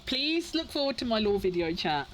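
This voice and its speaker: Giggly, lively-pitched young woman streamer. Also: moderate pace, low-quality recording. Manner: giggly, animated storytelling. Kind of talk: casual chat.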